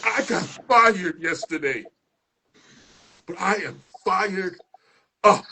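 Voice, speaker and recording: Guy hosting a poetry room, high voice, slow and dramatic, slams lines out loud. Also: expressive, creaky, slight background noise. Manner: dramatic spoken word, rising to shouts. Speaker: host of a poetry show. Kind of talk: performance poetry recital.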